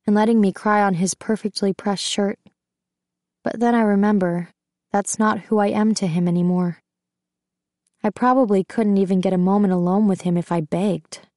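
A woman reads a first-person novel aloud with a tense, intimate delivery. Her voice is dark and mellow and sits at a middle pitch. The recording is close and dry. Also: no room sound. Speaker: audiobook narrator.

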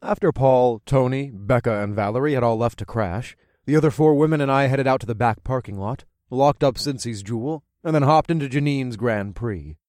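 A man reading a first-person audiobook in a steady, easygoing storytelling manner. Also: mid-range voice, normal speed, hardly any pauses, dry recording, clean studio sound. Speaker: audiobook narrator.

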